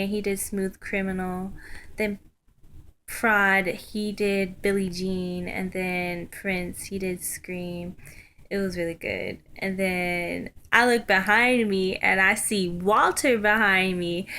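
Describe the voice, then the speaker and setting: A young woman telling a story in a casual vlog, chatty and excited, full of ums and likes. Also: lowish voice, a little hiss or hum. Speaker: vlogger.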